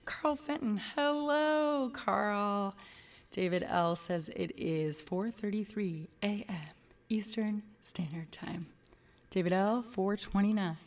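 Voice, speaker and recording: A woman's voice: medium pitch, takes it slowly, distant mic. A woman hosting a casual livestream, greeting viewers by name and chatting loosely. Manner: chatty, reads out viewer names. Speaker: livestream host.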